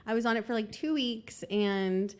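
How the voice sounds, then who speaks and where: A woman's voice: a little high, normal speed, darkish tone, clean tone. A woman guest on a podcast, telling a story in a chatty way full of fillers. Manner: chatty, lots of likes and ums. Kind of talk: casual storytelling chat.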